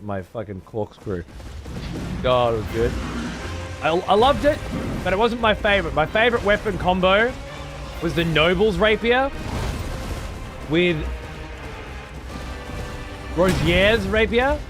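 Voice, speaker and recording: A man's voice: high-pitched, unhurried, pauses often, music in the background. A man streaming a game live, rambling, swearing a lot and chatting to his viewers. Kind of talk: live gameplay commentary.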